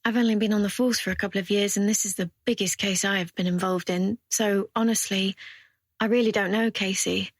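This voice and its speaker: A woman narrator voicing a young male police officer in an easygoing, steady way. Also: medium pitch, a little fast, no room sound, clean studio sound, lightly acted. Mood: earnest.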